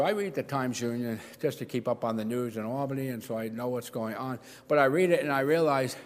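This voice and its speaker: A middle-aged man preaching an earnest sermon, acting out the voices he quotes. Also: mid-range voice. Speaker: pastor. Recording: long hall reverb.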